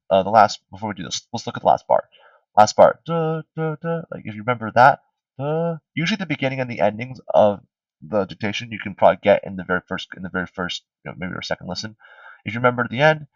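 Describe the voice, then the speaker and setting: A man tutors music theory in a casual review session, speaking on the low side, animated and at a quick pace. He sings fragments of melody on syllables and keeps checking in with "right?". His voice has no echo, but the streamed audio sounds distant and slightly dull.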